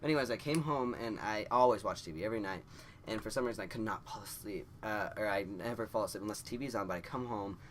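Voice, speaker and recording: A man's voice: lowish voice, fast talker, a bit bright, a little hiss or hum. A young man vlogging, telling a rambling story with lots of fillers, acting out the quotes and laughing. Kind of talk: casual storytelling.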